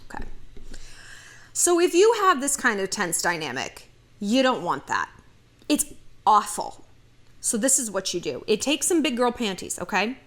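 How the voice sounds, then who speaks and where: A woman's voice: fairly high pitch, normal speed, pauses often. A woman giving blunt relationship advice in a casual monologue, acting out bits of dialogue as she goes. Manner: animated, blunt, acts out dialogue.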